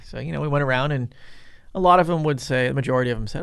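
A man's voice: mid-range voice, very fast, gravelly, a bit bright, dry recording, studio quality. A middle-aged man telling a rambling, casual story in an interview, swearing freely and acting out the voices of the people in it. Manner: rambling, profane, acts out quoted people. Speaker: guest.

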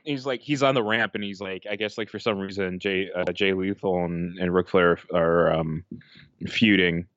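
A man with a low, smooth voice talks loosely on a podcast, wandering through his thoughts with plenty of ums and restarts. The sound is dry and a little dull, like a lo-fi home recording. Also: steady tone, moderate pace, fairly bright tone, dry recording. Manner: rambling, full of fillers and restarts. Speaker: podcast co-host. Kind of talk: casual chat.

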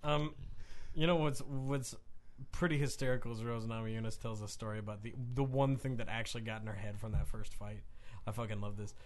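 A man's voice: lowish voice, fairly quick. A man co-hosting a sports podcast, chatting casually and animatedly, swearing and putting on funny voices. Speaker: podcast co-host. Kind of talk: casual chat.

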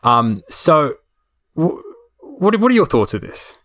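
A man's voice: fairly high pitch, big pitch swings, takes it slowly, fairly bright tone, no room sound, studio quality. A man co-hosting a casual chat, stumbling and hesitant as he poses a question.

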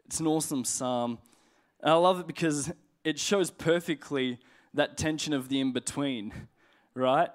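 A man preaching a sermon in a conversational, humorous way, slowing down to read scripture aloud. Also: a little high. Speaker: pastor.

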